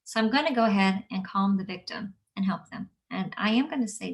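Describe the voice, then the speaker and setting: A woman who teaches young children, explaining calmly and gently and acting out what she says to kids. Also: mid-range voice, brisk, hardly any pauses, recorded from a distance. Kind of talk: instructional talk. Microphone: camera mic at a distance.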